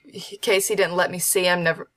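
Woman guest, hesitant talker with lots of fillers, a little low-pitched; casual interview chat. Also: steady tone, fairly quick, fairly bright tone. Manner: hesitant, many fillers and restarts. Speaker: voice actor guest. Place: at home with a dog.

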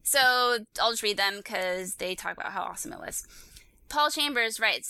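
Young woman podcast co-host, bright and crisp, chatty with a dry close sound. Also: mid-range voice, animated, moderate pace, no echo. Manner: chatty, laughs easily, swears casually. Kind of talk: casual podcast chat, reading listener mail.

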